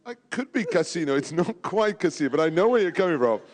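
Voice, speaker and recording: Picture a man hosting a live draw in a big event hall, his voice sitting a touch high. He is playful and teasing, dropping in quick chuckles. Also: sing-song. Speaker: master of ceremonies at a race draw.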